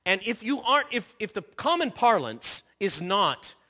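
A man preaching a sermon with a bright, forceful tone and a slightly high voice. His delivery is animated and earnest, full of repeated phrases and restarts, and he drops softer for quoted words. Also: moderate pace. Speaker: pastor.

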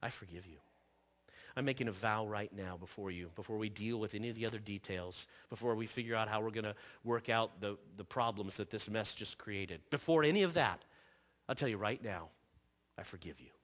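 A man preaching a sermon in earnest, repeating phrases and restarting himself, dropping softer when he quotes. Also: on the low side, brisk. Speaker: pastor.

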